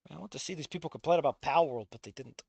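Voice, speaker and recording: A streamer reading a visual novel aloud in casual commentary, swearing often and swinging from low muttering to loud outbursts. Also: racing, gravelly, no echo. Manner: swears a lot, rants and self-mocks.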